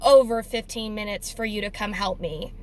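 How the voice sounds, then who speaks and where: Whiny demanding customer lady, quoted by a young woman, a bit lower pitch. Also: moderate pace, natural voice. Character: demanding impatient female customer.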